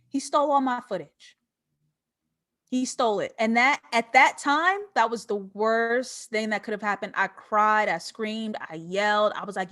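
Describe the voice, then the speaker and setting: Brief: young woman, high-pitched, animated and profane, live-stream film commentary host who laughs a lot and addresses viewers directly. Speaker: host of a film breakdown show.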